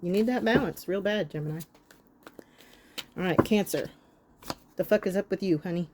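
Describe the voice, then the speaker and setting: A woman's voice: mid-range voice, moderate pace, background noise. Blunt, profane woman reading tarot. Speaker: tarot reader.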